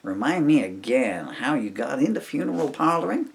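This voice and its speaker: A man voicing a calm male doctor who prompts with questions. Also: medium pitch, normal speed, vocal fry, voice pushed up. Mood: curious.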